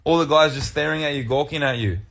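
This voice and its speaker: A man's voice: a little high, quick pace, fairly bright tone. A man arguing in a controlling, insistent way.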